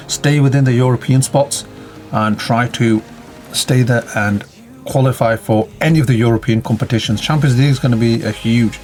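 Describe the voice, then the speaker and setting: Medium in pitch and a bit dark in tone, a male voice keeps up relaxed, talkative commentary on a football management game. Each play gets a reaction, and he calls out his players throughout.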